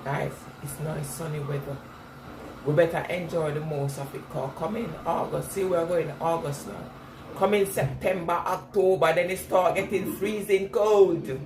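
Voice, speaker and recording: Washing her hair as she talks, this woman replies to her viewers' live chat comments in a casual, laughing way, often repeating herself, with a noticeable non-standard English accent. She speaks in a lowish, steady voice at a moderate pace. The recording is distant and noisy, made in an echoey room with clear ambience.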